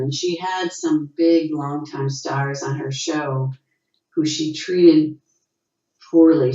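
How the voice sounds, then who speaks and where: Low-voiced actress on a video call. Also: female voice. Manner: animated storyteller, acts out quotes with rising pitch. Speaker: actress, interview guest. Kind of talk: casual interview over video call. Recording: dull, roomy video call audio.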